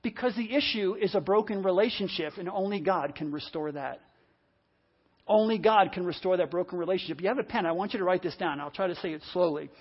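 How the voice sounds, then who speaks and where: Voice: medium pitch, fast, husky. Emphatic preacher on muffled lo-fi audio. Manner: emphatic, repeats key phrases, swings between loud and hushed. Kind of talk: sermon.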